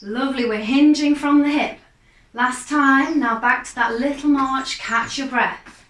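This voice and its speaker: A woman, a fitness instructor, calmly guiding a gentle exercise class with steady, encouraging cues. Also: high voice. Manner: calm, encouraging, unhurried cues. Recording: echoey room, mic far off.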